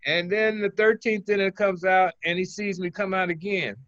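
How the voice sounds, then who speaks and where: An older man from Oakland, a former pitcher, telling rambling stories as an interview guest. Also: normal speed, no echo, muffled recording. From Oakland, California. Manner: relaxed, rambling, chuckles between stories. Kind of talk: casual interview storytelling.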